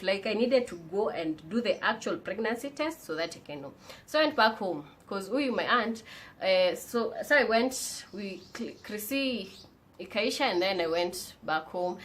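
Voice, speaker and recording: A young woman from Kenya with a Kenyan accent tells a personal story in a casual vlog, animated and chatty, switching between English and Swahili slang. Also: medium pitch, slight background noise. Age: young adult. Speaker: vlogger.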